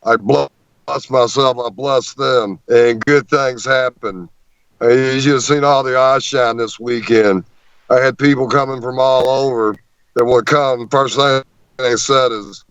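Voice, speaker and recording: A man tells a story as an interview guest, animated and often stumbling over repeated words. His voice sits at an ordinary middle pitch. The sound is muffled and dry, with no room echo at all. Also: measured pace, clear, resonant tone.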